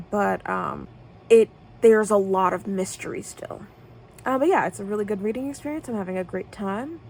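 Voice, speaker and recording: A woman book vlogger talking casually to camera, excitable and dramatic, ranting with swearing. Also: medium pitch, gravelly, slight background noise, rough recording. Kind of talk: casual reading vlog.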